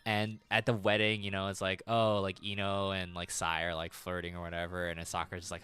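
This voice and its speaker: A man's voice: deep voice, flat delivery, brisk, hardly any pauses, bright, forceful tone, clean tone. A man streaming games and chatting casually, rambling, laughing often and swearing freely. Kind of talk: casual livestream chat.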